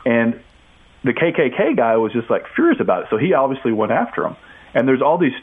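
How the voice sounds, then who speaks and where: A man tells a story at a brisk clip as a guest on a radio talk show, lively and acting out what people said. His voice comes through a thin, tinny phone line. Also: mid-range voice, breathy edge. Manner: animated storyteller, acts out quotes. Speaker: author and guest. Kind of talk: casual radio interview storytelling.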